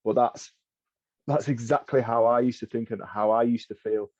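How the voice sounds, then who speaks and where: A man's voice: mid-range voice, fairly even intonation, moderate pace, a little mellow. A man, a podcast guest, talking in a candid, rambling, reflective way. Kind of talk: casual podcast chat. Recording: dull dry lo-fi audio.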